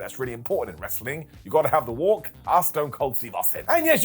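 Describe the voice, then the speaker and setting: A man's voice: fairly high pitch, slightly rough. A man hosting a casual, jokey commentary video, talking to camera with playful asides. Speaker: wrestling commentary host.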